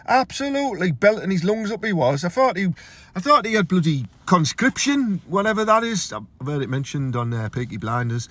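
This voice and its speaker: A young man with a Teesside accent delivering a crude, swearing comic rant to camera, his voice jumping high when he gets outraged. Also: big pitch swings, normal speed, no room sound. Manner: crude, ranting, swears freely, big pitch jumps when outraged. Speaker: comedian.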